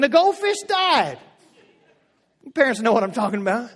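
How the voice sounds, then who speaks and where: High-voiced preacher in an echoing hall. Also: male voice, big pitch swings, normal speed, long pauses. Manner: emphatic, repeats phrases, swings from loud to hushed. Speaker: pastor. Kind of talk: sermon.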